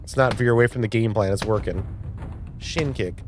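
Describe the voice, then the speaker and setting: A man's voice: on the low side, fairly even intonation, fast talker, music in the background. A man in his early forties hosting a live stream, chatting casually and rambling, reading viewers' messages and swearing now and then. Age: early 40s. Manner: rambling, chatty, swears, reads chat aloud.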